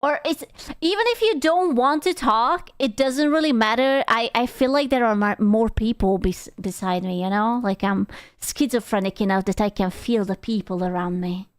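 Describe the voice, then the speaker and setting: A woman's voice: on the high side, moderate pace, clear, resonant tone, no echo, studio quality. A young woman streamer chatting casually with her chat, rambling, teasing and swearing freely.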